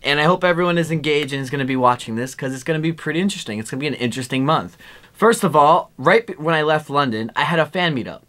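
A young man from the United States talking excitedly and casually to camera as a vlogger, with lots of "like" and "dude". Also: fairly high pitch, fast talker. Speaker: exploring vlogger. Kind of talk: casual vlog talk to camera.

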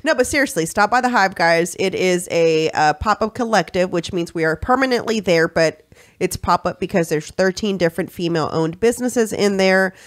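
Animated woman telling a story. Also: lowish voice, normal speed. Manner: animated storyteller, acts out quoted voices. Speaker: podcast co-host and shop owner. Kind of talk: casual chat.

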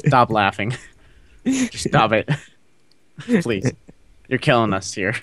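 A man's voice: medium pitch, huge pitch swings, slow, a bit bright. A young man in casual gaming chat, often exasperated and scolding his friends. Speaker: gamer.

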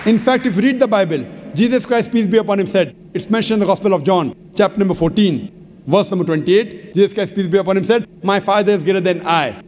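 Very high-voiced man lecturing in a reverberant hall. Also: fast, darkish tone, a faint crowd. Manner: emphatic, methodical, cites chapter and verse. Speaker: religious lecturer. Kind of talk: public lecture answering an audience question. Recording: long hall reverb, faint background noise.

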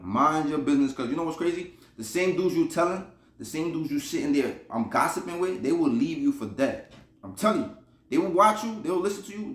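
A man's voice: a little high, reverberant. A man from Buffalo, New York, casually telling a rambling, slangy prison story, repeating himself and laughing as he goes. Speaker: podcast storyteller.

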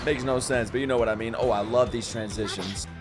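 A young man reacting to an anime as he watches it, excitable and yelling and swearing at the big moments. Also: medium pitch, brisk, music in the background. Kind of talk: live reaction commentary. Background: faint anime soundtrack playing.

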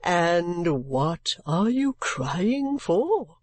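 A woman reading an audiobook voices a blunt, grumbling older gentleman with a lowered, gruff voice. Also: sing-song, extremely slow, no room sound, full character voice.

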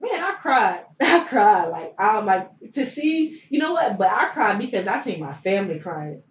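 A woman's voice: mid-range voice, big pitch swings, moderate pace. A young woman from Philadelphia tells her story as an interview guest, rambling casually with plenty of likes and you knows. She sits back from the mic in a roomy space, so her voice sounds distant and echoey. The sound is dull, with a faint noise underneath. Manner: loose and chatty, filler-heavy with many likes and you knows. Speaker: guest, former pro basketball player.

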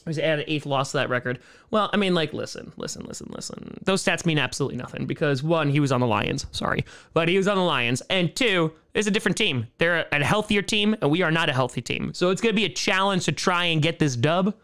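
A man in his thirties chats casually on a home live stream, reading viewer comments aloud and riffing on them with sarcastic jokes. His voice sits a little high for a man. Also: animated, quick pace, fairly bright tone, clear, resonant tone. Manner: jokey, sarcastic, reads chat aloud and riffs on it.

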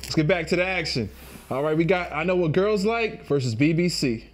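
A man hosting a casual talk show, upbeat and quick to laugh. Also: a little high, animated. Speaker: host. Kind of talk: casual podcast chat.

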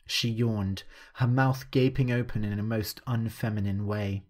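A man narrating a scripted story clearly and steadily for language learners. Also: lowish voice, steady tone, a little slow, a little mellow.

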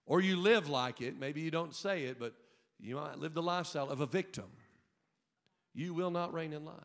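A man preaching a sermon in a high, swooping voice that leaps up and down as he presses his points. He pulls the congregation into call-and-response and often breaks into shouts. His words ring out with a long reverb in the church hall. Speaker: pastor. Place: church sanctuary.

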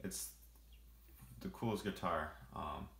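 Low-voiced man walking through his song. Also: slow pace, creaky, roomy sound. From family roots in Jamaica and Brazil. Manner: relaxed, rambling with many fillers. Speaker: musician explaining his song production. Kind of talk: casual walkthrough.

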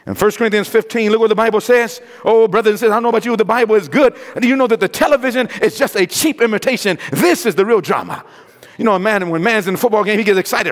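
A male pastor preaches to his congregation in a high-pitched voice, leaping from shouted exclamations to quiet, low asides. He throws questions out to the listeners and leaves room for them to answer. The sound rings with a long reverb from the church hall around him. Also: expressive, fast. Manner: dramatic swings from loud exclamations to low hushed tones. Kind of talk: evangelistic sermon. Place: church sanctuary.

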